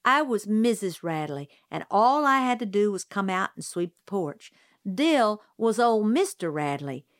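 Reading a novel aloud from a script, a female audiobook narrator keeps a measured, even storytelling pace. She speaks at medium pitch, and the studio-quality recording is dry.

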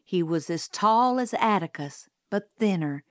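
A woman narrating a storybook aloud in a measured, even storytelling delivery. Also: medium pitch, dry recording, clean studio sound. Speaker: audiobook reader.

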